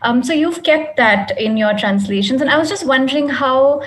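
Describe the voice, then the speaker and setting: A woman's voice: high-pitched, moderate pace, a little hiss or hum, rough recording. A woman interviewing a guest author at a festival, asking earnest, searching questions. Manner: earnest, searching, tentative phrasing.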